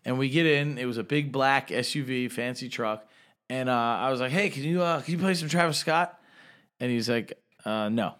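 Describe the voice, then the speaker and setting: A young man co-hosting a podcast, telling a drunken story in casual, profane chat and loudly acting out the people he quotes. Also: medium pitch, normal speed. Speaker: podcast co-host.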